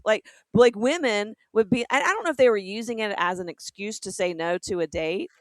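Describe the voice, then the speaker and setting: A middle-aged woman from the American South, a comedian co-hosting a podcast in casual chat, playful and quick to laugh, putting on voices for jokes. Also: medium pitch, no room sound.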